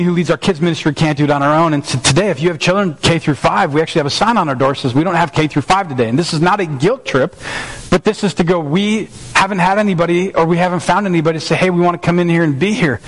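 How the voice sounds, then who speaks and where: A man's voice: on the high side, low-quality recording. A man preaching a sermon as a pastor, telling a family story in an earnest, conversational way with frequent restarts. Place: church sanctuary.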